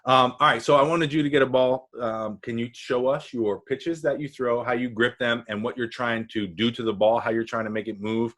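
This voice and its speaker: A man's voice: mid-range voice, fairly even intonation, fairly quick, few pauses, fairly bright tone. A man hosting a baseball podcast, chatting in a friendly, joking way with his guest. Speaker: podcast host. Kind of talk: casual interview chat.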